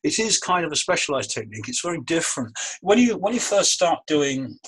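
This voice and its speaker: In a relaxed video-call interview, a man who does magic and coaches breathwork explains his practice thoughtfully, frequently restarting phrases. His voice is a little high, fairly bright, and slightly rough, with big pitch swings and a slightly fast pace. The remote call audio is poor.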